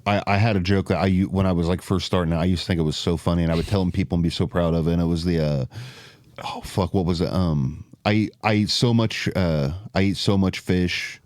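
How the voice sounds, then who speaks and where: A man co-hosting a podcast, a comedian telling a story in halting casual chat with many pauses. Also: sits low, fairly even intonation, a little mellow, no room sound, clean studio sound. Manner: halting, hesitant storytelling with fillers.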